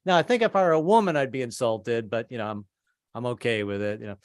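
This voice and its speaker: A man's voice: medium pitch, lively intonation, fast talker, clear, resonant tone, no echo, clean studio sound. Stammering man telling stand-up stories. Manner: rambling, stammering, trades in put-on voices. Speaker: stand-up comedian. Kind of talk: stand-up set over video call.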